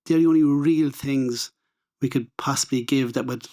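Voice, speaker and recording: A man's voice: mid-range voice, fairly even intonation, normal speed, dark tone. A man with an Irish accent, speaking on a conference panel and answering bluntly and emphatically. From Ireland. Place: conference room.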